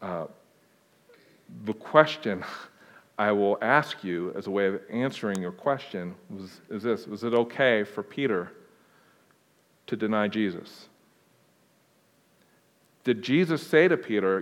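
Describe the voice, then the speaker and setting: A man speaking as a pastor, his voice sitting a little lower than most. He answers the congregation's questions in a relaxed, plain-spoken way, dropping in joking asides. The church sanctuary gives his words a long, ringing reverb. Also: takes it slowly, pauses often. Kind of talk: conversational sermon answering questions. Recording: long reverb of a large hall.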